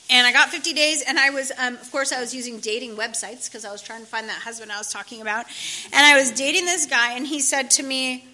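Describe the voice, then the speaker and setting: A woman's voice: on the high side, pushed and bright. A woman telling her personal recovery story to a group, conversational, with many fillers and restarts. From California. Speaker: speaker sharing recovery story.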